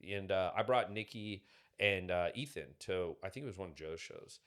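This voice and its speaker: Guy with a lowish voice, casual podcast chat, kinda rambly, lots of uh and like. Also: normal speed, a bit bright, clear, resonant tone. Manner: rambling, filler-heavy storytelling. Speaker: podcast guest.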